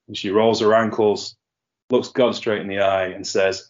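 A man's voice: lowish voice, little pitch movement, moderate pace. A man hosting a casual podcast, chatty and rambling, often laughing at his own jokes. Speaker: podcast host. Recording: lo-fi muffled sound.

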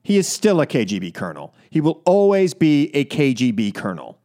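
A man's voice: mid-range voice, wildly swooping pitch, brisk, dark tone. A man hosting a political talk radio show, delivering an indignant, emphatic monologue with lots of repetition. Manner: indignant, emphatic, repeats for effect.

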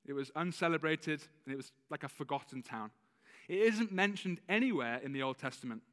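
A fairly high-voiced man preaching a sermon in a relaxed, conversational way, with a slight lisp. His voice rings with the long reverb of a church hall. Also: brisk. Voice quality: slight lisp on some words. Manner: conversational, with self-corrections and laughs. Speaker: pastor.

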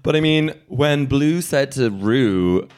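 A man's voice: medium pitch, lively intonation, slow pace, darkish tone. A man co-hosting a podcast, chatting casually with snarky, cheeky asides and frequent laughter. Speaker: podcast co-host. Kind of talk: casual chat recapping a TV show.

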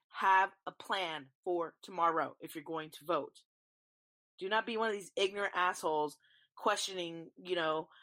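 A woman's voice: lowish voice, fairly bright tone. A young woman, chatting casually on her podcast, rambling and swearing freely. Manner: rambling, swears freely, talks to listeners as y'all. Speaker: podcast host. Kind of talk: casual solo chat.

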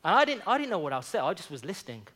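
High-voiced preacher, fervent. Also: male voice, big pitch swings, very fast, pushed and bright. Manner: storytelling that builds into fervent exhortation. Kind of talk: sermon.

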